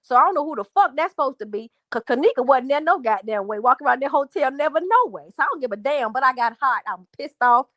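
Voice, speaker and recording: High-voiced woman ranting, dry sound. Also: lively intonation, fast talker, hardly any pauses, a bit bright, no room sound. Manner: angry, profane, repetitive, addresses chat as y'all. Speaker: livestream host. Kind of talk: heated livestream rant to viewers.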